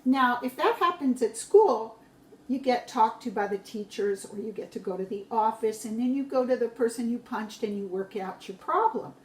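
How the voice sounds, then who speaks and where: A woman teacher telling a story to young children in a slow, gentle way. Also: fairly high pitch, animated, echoey room.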